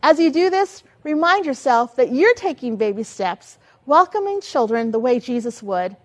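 High-voiced older woman teaching. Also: moderate pace. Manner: animated, asks many rhetorical questions. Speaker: children's ministry trainer. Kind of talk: teaching talk.

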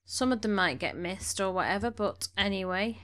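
A woman's voice: mid-range voice, animated, moderate pace, fairly bright tone. A woman giving casual gameplay commentary, chatting along and bossing her game characters around, a little snuffly from allergies. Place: home room.

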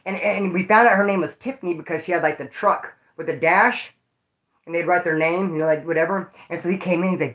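A man's voice: high-pitched, fairly even intonation, fast, a bit bright. A man casually telling stories to his viewers, rambling, jokey and full of swearing. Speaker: vlogger telling prison stories.

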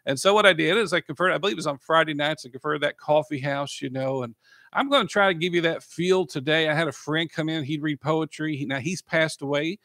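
A man's voice: a little high, brisk, bright, forceful tone, dry recording, studio quality. A man, a pastor talking on his podcast and praying, emotional and often repeating praise. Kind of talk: podcast sermon and prayer.

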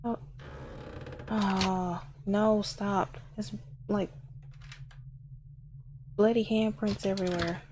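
Woman streamer, nervous horror-game commentary, very slow delivery. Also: mid-range voice, steady tone, a little mellow, a little hiss or hum. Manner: nervous, gasping and laughing in fright. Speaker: gameplay streamer.

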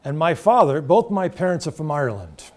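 A man's voice: on the high side, sing-song, fairly quick. Earnest man lecturing students. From United States. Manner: earnest, storytelling, direct questions to the audience. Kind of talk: university talk to students. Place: lecture room.

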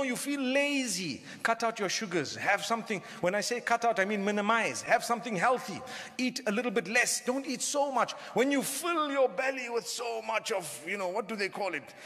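A man's voice: very high-pitched, a bit bright. A man preaching a humorous sermon to a crowd, often asking them questions. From southern Africa. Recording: long hall reverb.

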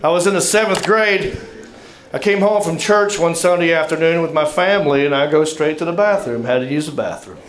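A man's voice: fairly high pitch, fairly quick. A middle-aged man with a Southern US accent telling a stand-up story in a drawling, self-mocking way, building to punchlines. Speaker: stand-up comedian. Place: comedy club stage. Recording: echoey stage with crowd laughter. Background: audience laughter.

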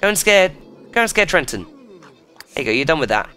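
A man giving excitable, sweary commentary while playing a video game. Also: a little fast, clear, resonant tone, faint music behind. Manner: excitable, swears a lot, jumps in pitch. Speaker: gaming YouTuber. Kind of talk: casual let's play commentary.

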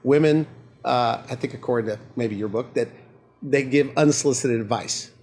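A man's voice: medium pitch, normal speed, a little mellow. A man hosting a talk show, interviewing a guest and summing up his points, often repeating words as he starts.

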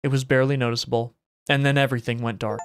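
A man's voice: medium pitch, little pitch movement, racing, a little hiss or hum. Man reading a horror game aloud. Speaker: gaming streamer.

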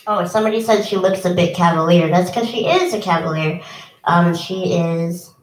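A woman's voice: on the low side, normal speed. A young woman musician chatting casually between songs at a home concert, with lots of ums and self-deprecating asides. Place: home, indoors. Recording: echoey room, from a distance.

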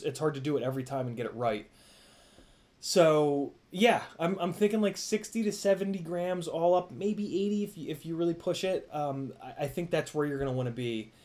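A man's voice: mid-range voice, a little mellow. A young man hosting a casual live stream, rambling with lots of fillers and restarts, swearing now and then while thanking viewers. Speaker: live-stream host reading donations.

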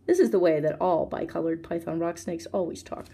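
A woman librarian reading a story aloud for children, expressive and talking straight to her listeners. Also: lowish voice, a little fast, gravelly, breathy edge. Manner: expressive, addresses listener directly.

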